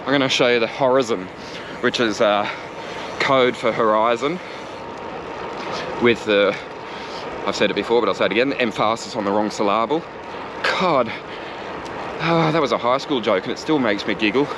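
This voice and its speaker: A joking Australian man chats casually as he cycles along roads before dawn. His voice sits in a middle register. Clear road and wind noise runs under his talk. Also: medium pitch, a little fast, long pauses. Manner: chatty, joking, swears casually. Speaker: cycling vlogger. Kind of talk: casual vlog commentary while riding. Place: riding a bike outdoors on roads before dawn.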